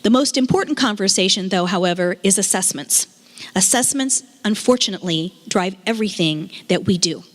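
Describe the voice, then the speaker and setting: A woman's voice: mid-range voice, animated, a little fast. A woman giving an earnest public speech at a community meeting, stressing her points by repeating phrases. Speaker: state education official speaking at a meeting. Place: meeting hall. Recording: reverberant meeting hall.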